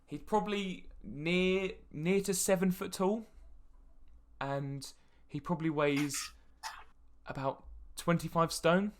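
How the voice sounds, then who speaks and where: A man's voice: on the high side, crowd noise. Man narrating as dungeon master. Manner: descriptive, halting with fillers. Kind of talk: narrating a tabletop game.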